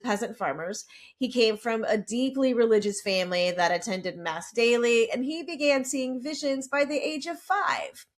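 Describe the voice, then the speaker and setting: A woman's voice: a little high, moderate pace. A woman co-hosting a casual podcast, chatting and reading lore aloud in a self-deprecating way. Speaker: podcast co-host presenting lore. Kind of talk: casual podcast recap chat.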